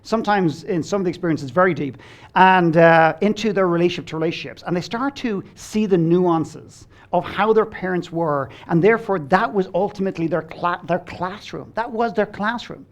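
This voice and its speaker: Blunt earnest guy coaching on a talk show, gravelly voice, acts out what people said. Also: high-pitched, normal speed. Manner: earnest, acts out quoted dialogue; blunt, swears casually. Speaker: guest, relationship coach. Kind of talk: conversational storytelling.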